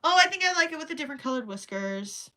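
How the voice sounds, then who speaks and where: A young woman chats casually through a crochet livestream, thinking aloud, apologizing and giggling as she works. Her voice sits a little high and rings bright. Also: big pitch swings, fast.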